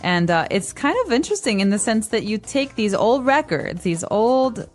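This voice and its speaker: A woman's voice: medium pitch, very animated, normal speed, soft background music. A woman from the United States co-hosting an English-learning podcast, explaining words with examples in casual chat. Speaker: podcast co-host, English teacher.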